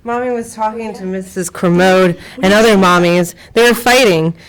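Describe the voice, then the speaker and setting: A woman's voice: medium pitch, normal speed, natural voice. A woman voicing a grown woman who recounts a church siege in a child's simple words and acts out the adults' voices. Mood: plain recounting. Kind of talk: audio drama acting.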